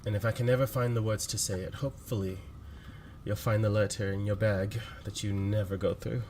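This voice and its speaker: A man's voice: on the low side, fairly even intonation, a little fast, darkish tone, slight background noise, natural voice. A man voicing a devoted male lover reading out a tender, teasing farewell letter in a tabletop game.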